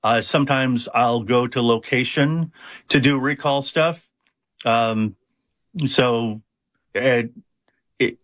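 In a dry, studio-quality recording, a man with a medium-pitched, fairly bright voice answers interview questions conversationally. He's a hypnotist who founded a hypnosis center, and he explains his methods with frequent fillers and restarts.

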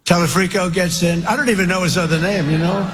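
Rambling man speaking high, faint hiss. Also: fairly even intonation, fast talker, in a large hall. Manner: boastful, rambling, emphatic. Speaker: politician. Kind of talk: campaign speech.

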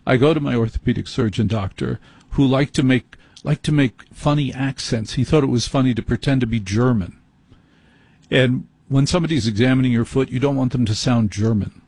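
A man's voice: medium pitch, brisk, a little mellow, slightly rough, no room sound. A man hosting a late-night call-in radio show, telling a rambling, self-deprecating story. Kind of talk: rambling comic monologue. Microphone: studio microphone.

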